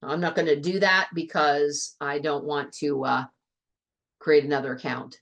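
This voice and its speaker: Low-voiced woman teaching a biology lab. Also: fairly even intonation, unhurried, fairly bright tone, lo-fi sound. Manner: chatty, patient step-by-step instruction. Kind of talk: classroom lab walkthrough.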